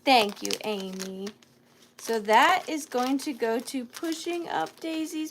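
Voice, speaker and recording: Woman doing a live antiques sale, kinda high voice, talks slow, gets all choked up reading old letters. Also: a bit bright, a little hiss or hum. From US South. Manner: emotional, marvelling, apologetic asides. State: near tears.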